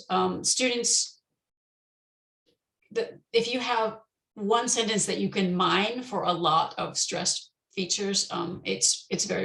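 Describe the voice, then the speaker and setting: A woman teacher walks through classroom activities in an online conference session. Her voice has a gravelly fry, and she explains in a relaxed way, pausing on ums and restarting phrases. The sound carries an echoey room. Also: medium pitch. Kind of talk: conference talk on teaching pronunciation.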